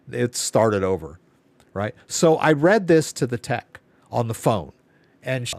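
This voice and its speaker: A man chatting on a live Q&A stream, wandering through a long story with tired, exasperated asides. His voice swings widely in pitch as he talks. The sound is dry and close, with no room echo. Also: expressive, moderate pace. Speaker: live Q&A host. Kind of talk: casual live-stream chat.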